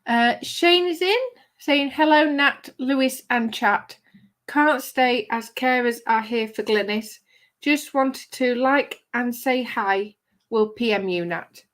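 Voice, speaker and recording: A woman with a somewhat high voice chats away as she hosts a casual live stream. She reads out viewers' comments in a giggly, friendly, rambling way. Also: slow pace, a bit bright. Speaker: livestream host reading chat.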